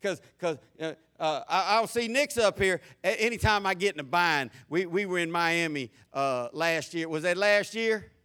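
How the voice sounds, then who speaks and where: A man's voice: high voice, normal speed, hardly any pauses, bright, forceful tone, clear, resonant tone. A man preaching a folksy, humorous sermon, stumbling through many stammered restarts.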